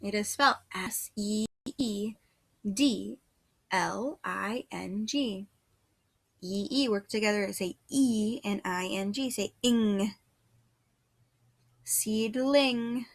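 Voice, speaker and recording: A woman's voice: medium pitch, slow, vocal fry, long pauses. A woman teaching first grade phonics, patiently sounding out letters and words one at a time. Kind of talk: slow phonics dictation lesson.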